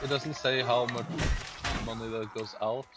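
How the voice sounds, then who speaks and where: A man's voice: mid-range voice, steady tone, normal speed, loud music behind the voice. A man from Norway, chatting casually while gaming and ranting in an agitated, profane way with many restarts. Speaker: game streamer.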